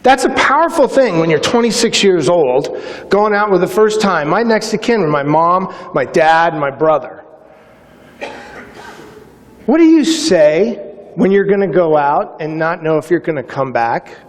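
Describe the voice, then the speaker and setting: A middle-aged man from Massachusetts delivers a motivational keynote on stage, his voice sitting a little high for a man. He tells personal stories with energy and acts out the quotes. The hall adds a long, lingering reverb. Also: unhurried. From Massachusetts, USA. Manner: energetic storytelling with acted-out quotes. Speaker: keynote speaker.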